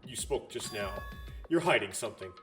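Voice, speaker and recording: A man voicing a perceptive female psychologist who presses another character with slow, insistent questions. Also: fairly low pitch, expressive, a bit bright, distant mic, faint music behind, voice pushed down. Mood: probing.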